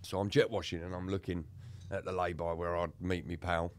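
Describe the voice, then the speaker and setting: A man's voice: low-pitched, brisk, slight background noise. A man co-hosting a casual podcast, recounting his own experience candidly and swearing freely as he tells it. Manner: candid, swearing, animated storytelling. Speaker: podcast co-host.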